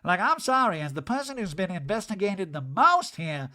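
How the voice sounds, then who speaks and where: A man voicing a brash, blunt adult woman reality star with a loud, sassy delivery. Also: high voice, sing-song, moderate pace, pitched above the performer's own voice, exaggerated voice.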